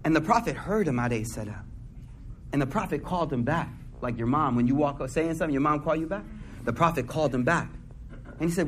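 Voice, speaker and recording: High-voiced man giving a casual sermon. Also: animated, moderate pace, slight background noise. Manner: slangy, conversational, asks the audience questions. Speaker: Muslim speaker giving a talk.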